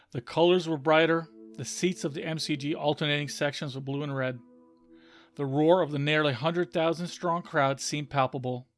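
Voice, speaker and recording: A man hosting a podcast, telling a story in an earnest, scripted narration. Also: fairly high pitch. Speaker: podcast host. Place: home in Florida. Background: soft background music.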